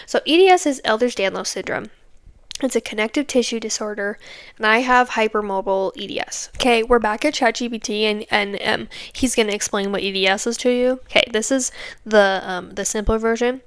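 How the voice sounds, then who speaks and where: A woman's voice: medium pitch, a bit bright, clean tone. A young woman in her twenties hosting a podcast, telling a personal story in a rambling, chatty way with lots of fillers and tag questions. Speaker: podcast host.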